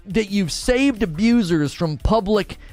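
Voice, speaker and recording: An indignant man ranting through a live stream, sarcastic and worked up. His voice sits fairly high and swings widely in pitch as he mocks and protests. Faint music plays behind him. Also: lively intonation, a little slow, darkish tone, dry recording. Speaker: streamer commenting on industry news. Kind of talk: heated live-stream commentary.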